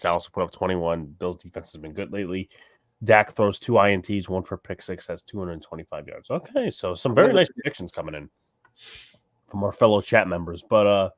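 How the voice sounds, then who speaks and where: A man co-hosting a casual sports podcast, low-key and dry, reading from the chat and giving predictions that trail off at the ends. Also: animated, a little fast, dry recording. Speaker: podcast co-host, reads the chat.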